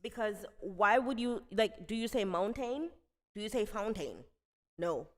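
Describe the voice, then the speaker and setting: A woman co-hosting a stream, teasing and firm in animated casual banter. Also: mid-range voice, measured pace. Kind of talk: casual chat.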